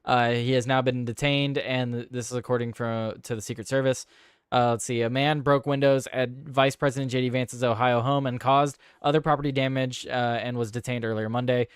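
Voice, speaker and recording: Guy hosting a political livestream, reads the news out loud, lots of uhs, smooth clear voice, dry sound. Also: mid-range voice, fairly even intonation, a little fast, dry recording. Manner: reads news stories aloud with frequent fillers and restarts, swears casually. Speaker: host of a political live show. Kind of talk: casual live-stream chat and news reading.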